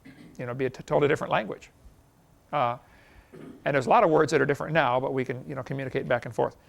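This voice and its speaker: A man's voice: medium pitch, fast talker, gravelly. A man giving a folksy classroom lecture, telling anecdotes and chuckling at his own stories.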